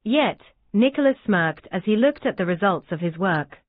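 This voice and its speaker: A woman narrating a fan-written audiobook in an even, steady reading voice. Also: mid-range voice, moderate pace, dry recording. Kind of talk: scripted narration. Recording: dry, tinny phone-like sound.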